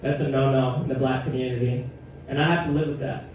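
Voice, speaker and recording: A man's voice: mid-range voice, fairly even intonation, fast talker, darkish tone, a little hiss or hum. A male stand-up comedian telling a story in a conversational way with wry asides, on a comedy club stage. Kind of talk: stand-up set. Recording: echoey live room, heard from a distance.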